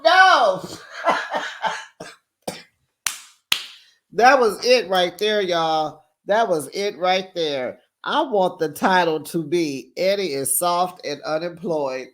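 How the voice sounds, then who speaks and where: A host with a mid-pitched voice gives a sassy, gossipy reality TV recap, talking straight to the viewers. The pace is slow and unhurried, with lots of drawn-out asides. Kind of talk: casual commentary recap.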